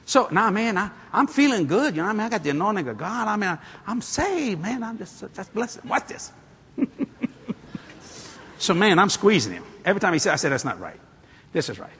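Man, storytelling preacher, wide swinging pitch, bright tone, acts out voices. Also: fairly quick, husky. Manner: animated, acts out the people in his stories, climbs to shouting. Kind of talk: storytelling sermon.

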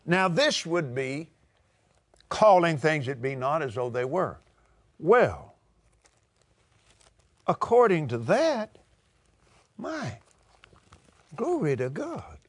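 A Texan man preaching a sermon in an emphatic, drawn-out way, joking and laughing at himself. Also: on the high side, very animated.

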